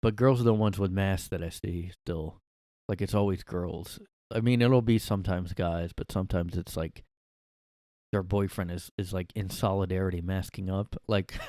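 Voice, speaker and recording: Low-voiced rambling young man. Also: fairly even intonation, moderate pace, mellow, no room sound, studio quality. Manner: rambling, crude joking. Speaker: podcast host. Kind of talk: solo casual comedic talk.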